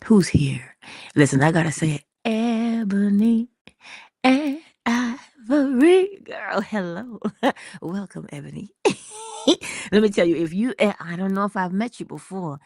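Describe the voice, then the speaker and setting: A woman hosting an inspirational livestream, talking slowly and intimately, dropping into whispers at times and greeting viewers in the chat. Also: lowish voice, big pitch swings, a little mellow, slightly rough, dry recording, clean studio sound. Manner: slow, intimate, drops into whispers. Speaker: motivational livestream host.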